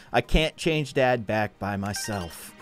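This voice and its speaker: A man's voice: on the low side, expressive, slow, faint music behind, pitched below the performer's own voice. A man reading the lines of a young male koopa prince who pleads earnestly for help with his father. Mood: worried.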